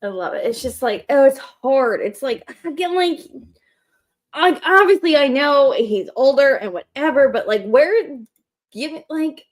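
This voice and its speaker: A woman co-hosting a wrestling call-in show, ranting in an animated, frustrated way. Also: high voice, measured pace. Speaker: co-host. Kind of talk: casual chat.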